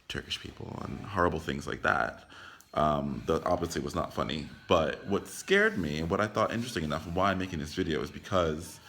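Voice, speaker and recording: A young American vlogger with a deep, slightly bright voice and vocal fry talks casually into his phone camera about a film, with slight background noise. He rambles, leans heavily on "like," and swears freely.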